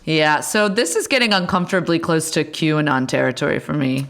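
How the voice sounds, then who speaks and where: A woman's voice: deep voice, a little fast, fairly bright tone. A woman co-hosting a podcast, chiming in with dry, casual remarks. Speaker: podcast co-host.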